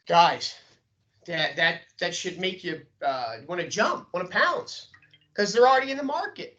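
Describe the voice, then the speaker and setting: Ny guy coaching a sales team, bright punchy voice, keeps asking okay?. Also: high voice, lively intonation, a little slow, dull audio. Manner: emphatic, coaching, asks "okay?" often. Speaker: sales trainer. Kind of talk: training lecture.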